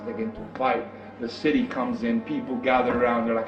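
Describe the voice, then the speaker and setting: A male preacher telling a story in a sermon with animated, dramatic delivery. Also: mid-range voice, fairly quick. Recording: distant echoey dull recording with music.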